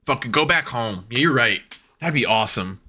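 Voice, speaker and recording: Bright-voiced excitable male podcast host. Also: medium pitch, brisk. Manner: excitable, swears freely, acts out reactions. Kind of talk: casual chat.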